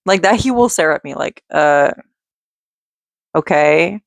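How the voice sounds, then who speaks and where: A woman's voice: mid-range voice, animated, fast talker, vocal fry, dry recording, studio quality. A woman in her thirties chatting casually in a vlog, rambling with restarts and lots of fillers. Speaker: vlogger and mother.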